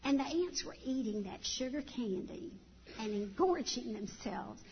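A middle-aged woman tells folksy, animated stories to a church audience. Her high voice rings with a long hall reverb. The recording sounds dull, with faint ambience behind. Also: unhurried, a little hiss or hum. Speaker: church speaker. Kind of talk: storytelling talk to a church audience.

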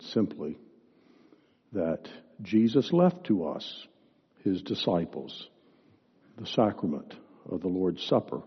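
A man preaching a sermon as pastor, speaking in an earnest, deliberate way, recorded in a church sanctuary on a dull lo-fi recording with long reverb. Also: on the low side, slightly rough.

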